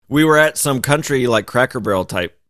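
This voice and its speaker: A man's voice: mid-range voice, expressive, moderate pace, a bit bright, no room sound. A man co-hosting a podcast, talking casually and rambling through a story, filling it with "like". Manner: rambling, heavy use of "like", storytelling. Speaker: podcast co-host. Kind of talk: casual chat.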